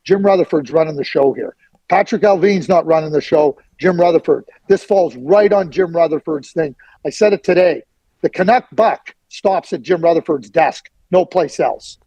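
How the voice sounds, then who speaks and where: A man's voice: fairly high pitch, moderate pace, dark tone, slightly rough, no echo, rough recording. A middle-aged man giving blunt, emphatic hockey opinions as a guest on a sports radio interview.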